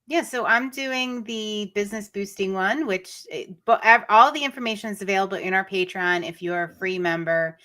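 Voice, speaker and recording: A woman's voice: mid-range voice, normal speed, hardly any pauses, pushed and bright. A woman co-hosting a casual chat, explaining things plainly. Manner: brief reactions, then plain explaining. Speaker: co-host.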